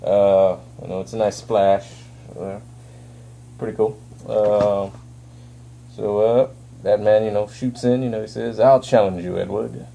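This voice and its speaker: A man's voice: lowish voice, level tone, takes it slowly, creaky, mellow, a little hiss or hum. A man giving a casual spoken comic book review, hesitant and full of fillers, recorded on a phone. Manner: hesitant, filler-heavy, rambling.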